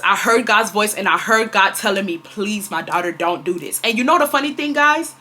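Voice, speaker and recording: A woman's voice: fairly high pitch, pushed and bright. A young woman, telling a storytime vlog in an emphatic way, repeating herself and talking straight to her viewers. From Houston, Texas. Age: 20s. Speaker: vlogger. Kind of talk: casual storytime monologue.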